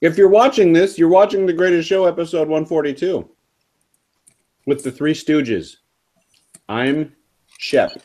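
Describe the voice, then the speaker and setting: A man's voice: a little high, a little slow, long pauses, darkish tone. A young man hosting a casual live show, teasing his co-host with dry banter. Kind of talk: casual podcast chat.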